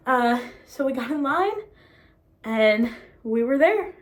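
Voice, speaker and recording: A young woman vlogging casually, excited and disbelieving, rambling with many fillers as she tells her story. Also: high-pitched, slow, pauses often.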